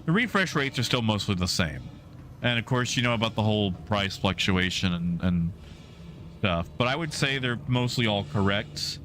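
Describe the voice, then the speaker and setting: A man's voice: on the low side, expressive, moderate pace, fairly bright tone, slight background noise. A male game streamer chatting casually with his live viewers in a rambling, easygoing way with many fillers.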